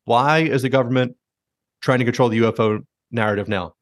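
A man hosting a podcast, talking fast and tossing out blunt, profane opinions in a loose, rambling way. His voice sits at an ordinary pitch. The sound is dry and close, with no room echo. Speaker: podcast host. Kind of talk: casual podcast conversation.

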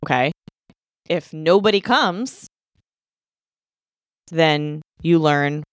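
Low-voiced woman explaining, dry sound. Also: measured pace, no room sound. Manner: explanatory, checks in with "okay?". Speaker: podcast co-host. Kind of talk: casual conversation.

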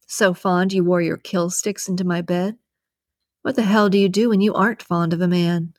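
A woman's voice: fairly low pitch, steady tone, moderate pace, a little mellow, no room sound, clean studio sound, lightly acted. A woman reading the lines of an angry male analyst in an audiobook, in a sarcastic, accusing tone.

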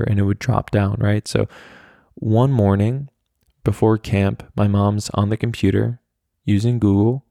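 American podcast guy, low gravelly voice, rambly and swears a lot, dry close mic. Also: dark tone, no room sound. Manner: rambling, frequent "like" fillers, candid and profane. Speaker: podcast host. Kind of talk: casual storytelling monologue.

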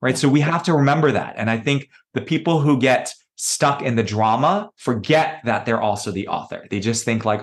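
A man's voice: medium pitch, moderate pace, hardly any pauses. A man speaking as a podcast guest, telling personal stories in a reflective, conversational way and acting out the voices he quotes. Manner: thoughtful, acts out quoted voices.

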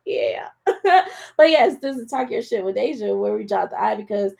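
A woman's voice: mid-range voice, expressive, moderate pace, vocal fry, darkish tone. A tearful woman hosting a solo podcast, talking casually and encouraging her listeners while she cries. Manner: emotional, encouraging, addresses listeners as y'all. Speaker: podcast host.

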